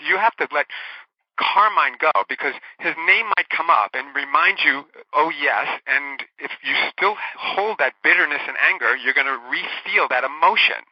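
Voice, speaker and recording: A man's voice: on the high side, animated, normal speed, slightly rough, dry recording. Earnest man explaining, dull dry audio. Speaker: author, guest. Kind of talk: casual interview talk.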